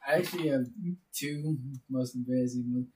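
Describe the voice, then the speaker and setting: A man's voice: medium pitch, fairly even intonation, moderate pace, darkish tone. A man asking his friends questions in a casual chat, rambling with many fillers. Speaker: question asker. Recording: distant mic.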